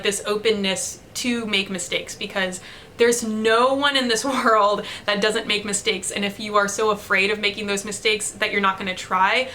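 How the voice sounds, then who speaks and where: A woman's voice: mid-range voice, bright, forceful tone, a little hiss or hum. A young woman sharing candid stories and advice with viewers in a chatty, laughing way. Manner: chatty, storytelling, with light laughs. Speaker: artist vlogger. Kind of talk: candid motivational talk to camera.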